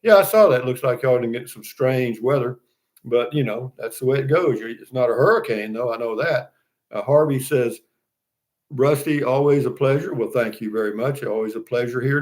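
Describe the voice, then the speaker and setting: A man's voice: mid-range voice, darkish tone. Older male host, folksy and rambling, casual stream chat. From Texas. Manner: folksy, rambling, many fillers and restarts. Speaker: livestream host. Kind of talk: casual chat reading viewer comments.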